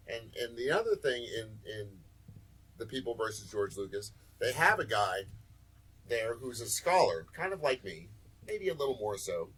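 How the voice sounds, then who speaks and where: A man's voice: mid-range voice, very animated, moderate pace, a bit bright, husky, rough recording. A man hosting a casual podcast, ranting and joking. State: sore back. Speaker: podcast host.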